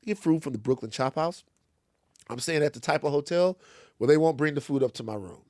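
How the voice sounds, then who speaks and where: Animated man telling a story in a dry studio. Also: fairly high pitch, brisk, dry recording. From Louisiana. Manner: animated storytelling, swearing, acting out other voices. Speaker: podcast co-host. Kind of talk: casual studio chat. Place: podcast studio.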